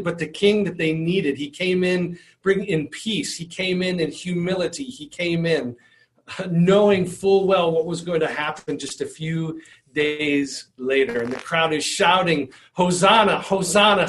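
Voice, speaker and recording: A man preaching a sermon in an earnest way, often repeating words and restarting his phrases. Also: a little high. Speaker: pastor.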